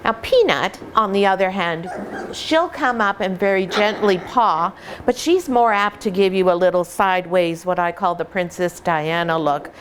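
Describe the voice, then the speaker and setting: A middle-aged woman who breeds puppies, explaining patiently and warmly in an instructional vlog at home, sometimes slipping into playful voices. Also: on the low side, moderate pace, a little hiss or hum. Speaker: puppy breeder.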